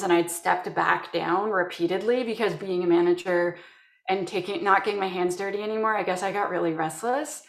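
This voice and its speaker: The Canadian security professional again recounts work anecdotes in an interview, voicing her coworkers' lines with animated flair. This time her pitch is fairly low, her pace a little fast, and the room sounds echoey.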